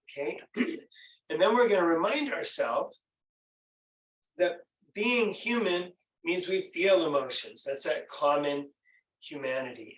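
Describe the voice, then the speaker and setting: A man leading a stress workshop in a gentle, encouraging, conversational way. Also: on the high side, echoey room, recorded from a distance, poor audio. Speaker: workshop presenter. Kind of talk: online workshop teaching.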